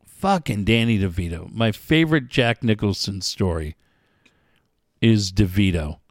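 A man's voice: fairly low pitch, unhurried, no room sound, clean studio sound. A man hosting a casual chat, telling stories with lots of swearing. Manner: profane, animated storyteller.

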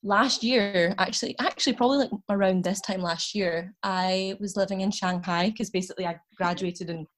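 A woman's voice: medium pitch, fairly even intonation, normal speed, hardly any pauses. A Scottish woman in her twenties, a podcast guest telling stories in casual chat, talking loosely with lots of fillers and frequent laughter. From Scotland.

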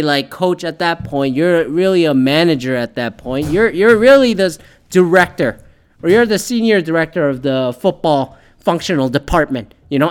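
A man's voice: fairly high pitch, smooth. Profane, rambling sports-ranting man. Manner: profane, rambling, sarcastic, many fillers. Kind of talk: casual opinionated sports rant.

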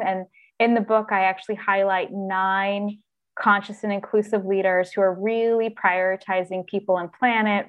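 Earnest, expressive woman coach. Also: mid-range voice, narrow, tinny audio. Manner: earnest and expressive, acts out inner voices. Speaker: author and executive coach, podcast guest. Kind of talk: conversational interview.

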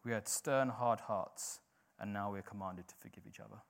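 A man's voice: lowish voice, moderate pace, vocal fry. Informal, conversational male preacher. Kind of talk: sermon.

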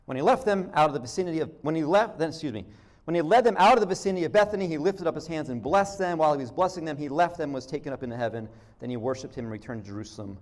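Man, high voice, conversational sermon, frequent restarts, acts out quotes. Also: expressive, very fast. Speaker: pastor.

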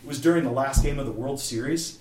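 A man from Kansas City telling a faith story in a casual interview, lively and acting out the people he quotes. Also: mid-range voice, quick pace, over a noisy crowd. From Kansas City, USA. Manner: animated storyteller, acts out quoted voices. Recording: roomy, distant mic, faint room noise.

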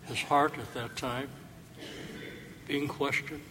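A priest preaches to his congregation at an unhurried pace, a man with a middle-range voice. His words ring out in a long church reverb over faint room ambience. He leans on rhetorical questions, reflective and earnest. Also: medium pitch, fairly even intonation, sharp tone, slight background noise. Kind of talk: sermon.

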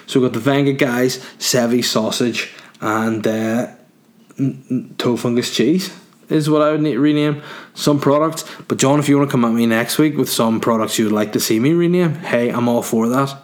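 A man's voice: medium pitch, moderate pace. A man doing a crude, rambling comic monologue, answering listener questions and laughing at his own jokes.

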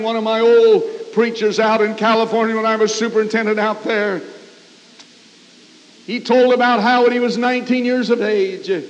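An older man with an American accent preaching a sermon and telling a story, with frequent "uh" fillers. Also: high-pitched. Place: church sanctuary. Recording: dull, hissy 1990s church tape with long reverb.

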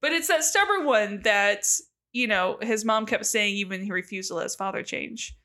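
A woman co-hosting a podcast, chatting casually through an episode recap, upbeat and quick to laugh as she acts out characters' lines. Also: mid-range voice, lively intonation, sharp tone. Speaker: podcast co-host.

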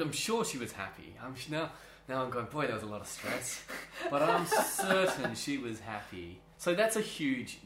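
A man with a fairly low voice chats as an interview guest, telling animated stories and laughing often. He keeps restarting his sentences. The room adds a roomy echo. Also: slight background noise. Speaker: interview guest, drama teacher. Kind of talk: casual interview chat.

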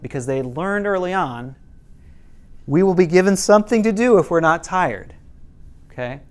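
A man's voice: lively intonation, normal speed, clean tone. Man teaching a parenting class. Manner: casual, quotes parents and kids in lowered voices, some restarts.

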